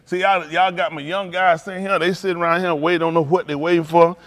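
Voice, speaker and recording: A male pastor gives a joking sermon to his congregation, speaking fast in a slightly higher voice with little pitch movement. He's loud, laughs a lot and bantes playfully with the crowd, but drops to a low, quiet, earnest tone when offering counsel.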